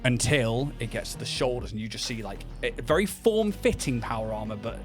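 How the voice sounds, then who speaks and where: A man narrating a tabletop game as game master, slow and descriptive with fillers. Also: medium pitch, very animated. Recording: faint music behind.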